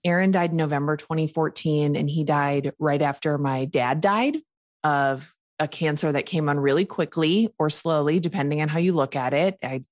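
A woman's voice: sits low, moderate pace, dry recording, studio quality. A woman in her thirties from Minnesota with a Minnesotan accent, candidly telling her story as a podcast guest with wry, self-deprecating humor over a call. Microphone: remote call.

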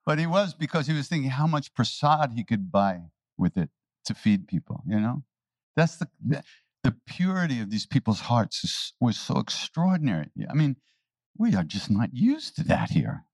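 Animated male storyteller with a lively voice. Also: medium pitch, moderate pace, no room sound. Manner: animated, laughing, many restarts. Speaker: spiritual teacher answering questions. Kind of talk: anecdotal storytelling talk. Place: talk before a live audience. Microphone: handheld microphone.

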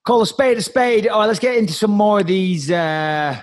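A man co-hosting a podcast, talking in a blunt, sweary and animated way. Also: high voice, moderate pace. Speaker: podcast co-host. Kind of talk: casual podcast chat.

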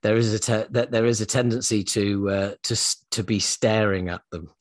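A man's voice: on the low side, fairly even intonation, normal speed, dry recording. A man hosting a podcast interview, chiming in with encouraging remarks and short reactions. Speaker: podcast host. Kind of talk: casual interview chat.

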